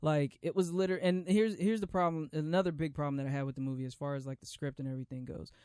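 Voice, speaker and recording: A man's voice: fairly high pitch, fairly even intonation, quick pace, darkish tone, smooth, no echo, clean studio sound. A man hosting a solo podcast, reviewing movies in a casual, rambling way with lots of restarts and slang. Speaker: podcast host.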